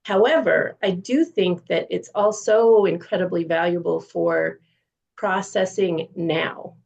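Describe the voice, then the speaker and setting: A woman's voice: fairly low pitch, slow, gravelly, darkish tone. A woman in a casual book group discussion, thinking aloud earnestly.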